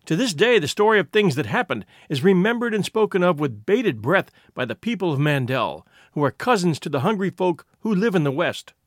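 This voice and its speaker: A man reading a classic short story aloud as narrator, measured and expressive. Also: high voice, no room sound, studio quality.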